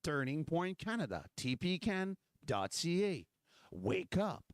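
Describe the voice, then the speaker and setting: A man's voice: on the high side, big pitch swings, unhurried, no room sound, studio quality. Fiery man. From Quebec. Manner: fiery, repetitive, full of rhetorical questions. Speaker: political livestream host. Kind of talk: impassioned political rant.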